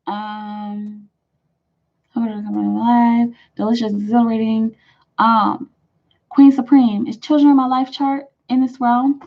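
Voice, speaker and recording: A woman's voice: a little high, little pitch movement, gravelly. A woman hosting a live tarot stream, chatting casually and rambling as she reads out viewers' comments. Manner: rambling, chatty, lots of "like" fillers and quick laughs. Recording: muffled lo-fi live-stream audio.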